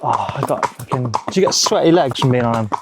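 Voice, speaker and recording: A man's voice: medium pitch, lively intonation, fast talker. A man interviewing a guest while they ride out together, easygoing and teasing, asking short questions. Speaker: interviewer, host. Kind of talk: casual interview chat. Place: outdoors, riding alongside on horseback. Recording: outdoor recording with clear background noise.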